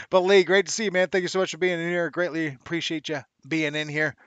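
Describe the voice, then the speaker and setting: A man's voice: fairly high pitch, little pitch movement, fairly quick, fairly bright tone, clean tone, no room sound, highs cut off. A man hosting a casual livestream show, chatty and upbeat, laughing often and using slang. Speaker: live show host.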